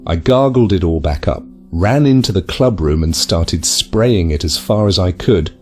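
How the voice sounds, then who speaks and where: A man's voice: sits low, expressive, moderate pace, darkish tone, faint music behind. A man voicing a lonely male trash goblin creature, telling his story in a bitter, confessional way. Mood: rueful. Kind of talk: dramatized video narration.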